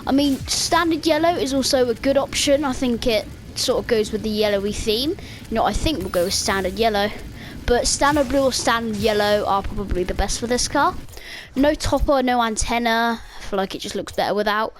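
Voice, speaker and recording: A woman casually talking through a gaming walkthrough, relaxed and hesitant, with fillers and quick self-corrections. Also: fairly high pitch, a little hiss or hum. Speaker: gaming video creator.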